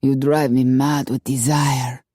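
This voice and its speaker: A woman voicing a suave, smug male Latin lover who murmurs low and slow with a Latin accent. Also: level tone, warm tone, no echo, studio quality, heavily acted. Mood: amorous.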